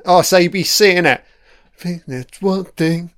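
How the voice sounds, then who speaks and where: A man's voice: sits high, measured pace, a bit bright, clean tone, no echo, studio quality. A man giving crude, profane live reaction commentary while watching an episode. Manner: crude, profane running remarks.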